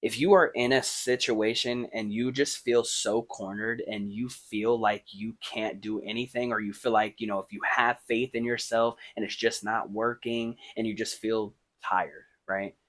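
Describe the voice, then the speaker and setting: A man hosts his podcast, rambling through casual motivational advice with plenty of fillers and checks on the listener. He drops to a hush while thinking, then lifts into emphatic points. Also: on the low side, steady tone, normal speed, hardly any pauses. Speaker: podcast host.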